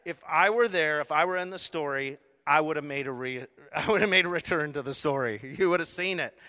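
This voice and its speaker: A male pastor with a high, bright, forceful voice delivers an animated sermon. He acts out the scene, jumping from sudden shouts to hushed asides. His voice rings with the long reverb of a large hall. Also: a little fast.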